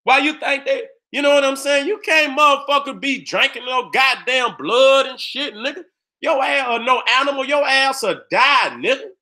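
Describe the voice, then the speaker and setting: A man's voice: extremely high pitch, normal speed, sharp tone. A man giving a casual, profane, ranting commentary as he reacts to pictures on a screen, repeating himself for emphasis. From Detroit area. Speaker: online commentator.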